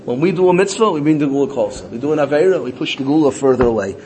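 A man teaching a Torah lesson, telling a story with lively voices and mixing in Hebrew and Yiddish terms. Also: fairly high pitch, rapid-fire.

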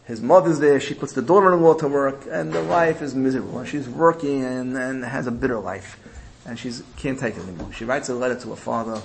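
A man's voice: medium pitch, fairly quick, gravelly, slight background noise, poor audio. A man giving a sermon, retelling a parable in a storytelling manner with repetition and rising emphasis. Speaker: religious speaker.

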